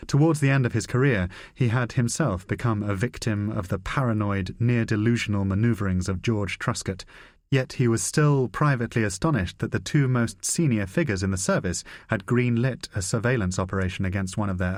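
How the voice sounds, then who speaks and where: Low-voiced male audiobook narrator. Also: no room sound, studio quality. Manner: measured, even reading. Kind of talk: scripted narration.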